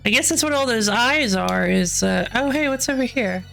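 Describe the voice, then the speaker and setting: A woman streaming a game with excitable, giggly commentary that breaks into panicky shrieks. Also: on the high side, normal speed, creaky, faint music behind. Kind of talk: live gameplay commentary.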